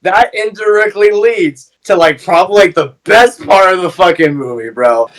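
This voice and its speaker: A man's voice: sits high, normal speed, a bit bright, recorded from a distance, low-quality recording. A young man co-hosting a casual movie review chat, rambling and swearing, acting out characters as he retells scenes.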